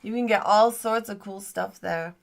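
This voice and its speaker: A woman's voice: mid-range voice, normal speed, gravelly. A woman hosting an improvised comedy livestream in a teasing, scolding manner, laughing often as she talks.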